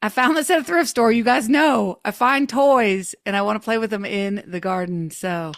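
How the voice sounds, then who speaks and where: A woman's voice: on the high side, moderate pace, no echo. A woman hosting an online creativity workshop over a video call, talking in an enthusiastic, playful way. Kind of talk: playful online group session.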